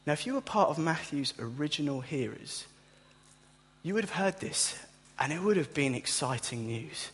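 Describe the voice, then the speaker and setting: Male preacher, higher-pitched, husky, animated delivery, long hall reverb. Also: normal speed. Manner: animated, acts out startled listeners in a higher voice. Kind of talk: sermon.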